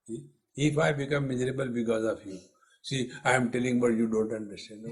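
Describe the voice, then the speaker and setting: A man's voice: medium pitch, brisk. An older man delivers a spiritual discourse in a lecture hall. He teases his listeners and acts out both sides of the conversations in his anecdotes, keeping the talk light and playful. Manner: playful, teasing, acts out dialogue in stories. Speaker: spiritual teacher.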